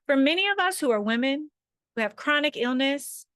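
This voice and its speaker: A woman's voice: high voice, lively intonation, normal speed, fairly bright tone, no room sound, clean studio sound. A woman facilitating an online workshop over a video call, talking conversationally and often checking in with her listeners.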